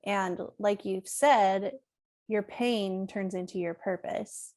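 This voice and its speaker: A woman's voice: mid-range voice, fairly even intonation, slow. A woman podcast host affirming her guest and asking a question, with frequent fillers. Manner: warm, affirming, with frequent likes and ums. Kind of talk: interview question.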